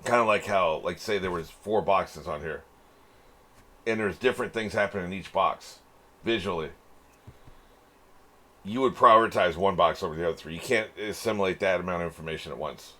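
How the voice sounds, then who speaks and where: A man hosting an anime reaction channel, thinking out loud in casual commentary, swearing freely and chuckling often. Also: deep voice, normal speed, long pauses.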